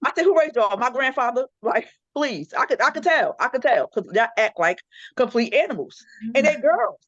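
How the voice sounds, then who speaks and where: A woman in her forties on a casual podcast panel, telling animated stories about raising her daughters alone and acting out their arguments. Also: a little high, moderate pace, dry recording. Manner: animated storyteller acting out her kids' quarrels. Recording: dull lo-fi recording.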